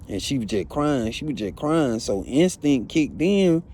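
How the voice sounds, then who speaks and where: Man, casual storyteller, mellow warm voice, faint hiss behind, profane and repetitive fillers. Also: medium pitch, sing-song, measured pace, few pauses. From Atlanta. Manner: blunt and profane, leaning on "you know what I'm saying". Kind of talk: casual first-person storytelling.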